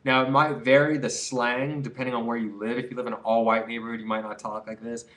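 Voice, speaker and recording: A man's voice: medium pitch, flat delivery, fast talker, a bit bright. A young man talking straight to camera in a loose, rambling monologue, earnest and full of fillers. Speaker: vlogger. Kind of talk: casual to-camera advice monologue.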